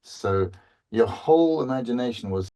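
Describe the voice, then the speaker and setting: A man's voice: mid-range voice, lively intonation, normal speed, dark tone. A man guest on a podcast talking in a rambling, playful way, often restarting his thoughts. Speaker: voice actor guest. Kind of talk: casual podcast chat.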